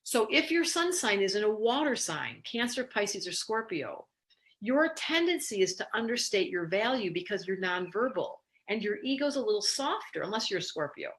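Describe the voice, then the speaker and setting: A woman astrologer giving a casual, animated spoken lesson, telling candid stories in an expressive way. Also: medium pitch, moderate pace. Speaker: astrologer teaching.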